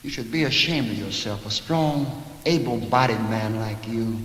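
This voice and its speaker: A man voicing a stern older male judge who scolds slowly, on a live comedy record. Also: mid-range voice, fairly bright tone, a little hiss or hum, voice pushed down, natural voice. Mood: scolding. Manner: slow scolding. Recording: roomy live recording, long reverb.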